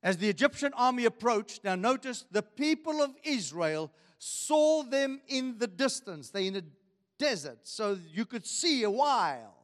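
A man's voice: extremely high pitch, sing-song, a little slow. A man preaching a sermon as pastor, asking the congregation questions as he reads and explains scripture. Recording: long hall reverb.

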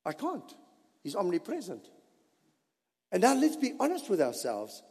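Pastor preaching, big swings up and down, slow and dramatic, long hall echo. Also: male voice, high-pitched, huge pitch swings, warm tone, breathy edge. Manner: emphatic preaching, slow and dramatic with sudden drops to near whispers. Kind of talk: sermon.

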